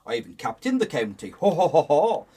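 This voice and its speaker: A man's voice: on the high side, very animated, a little fast, dark tone, slightly rough, far from the mic. A young man, a guest on a game stream, telling a story in casual chat, rambling with restarts and laughing often.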